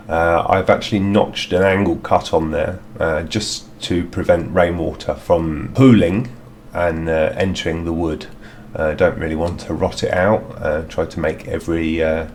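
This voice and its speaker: Outdoors in a garden, a man talks through a DIY product review, rambling and hesitating with many fillers. His voice is low and a little mellow, with slight background noise.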